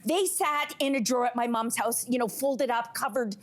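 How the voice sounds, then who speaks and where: Animated high-voiced woman co-host. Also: moderate pace. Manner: animated, gushing, laughs often. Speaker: talk show co-host. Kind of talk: casual panel chat. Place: television studio.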